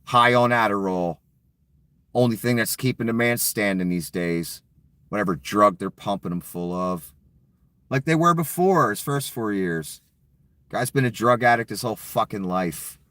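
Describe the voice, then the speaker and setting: A man's voice: fairly low pitch, expressive, normal speed, a bit bright, dry recording. Profane, sarcastic middle-aged man ranting. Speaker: political commentary vlogger. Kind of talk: angry political rant.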